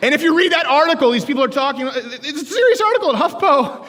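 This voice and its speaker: A man from Canada giving a comedic political talk to college students, animated and joking, with bursts of shouting, in a large hall with long reverb. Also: very high voice, quick pace, noisy background. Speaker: speaker addressing college students.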